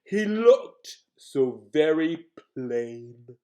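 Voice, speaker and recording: A man voicing a boastful male lion in a storybook reading, speaking loudly and proudly. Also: fairly high pitch, big pitch swings, drawn-out words, exaggerated voice. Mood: worried. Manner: loud and proud.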